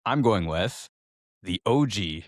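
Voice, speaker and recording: A man co-hosting a casual podcast, throwing in dry, deadpan quips. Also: fairly low pitch, slow, no echo. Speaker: podcast co-host.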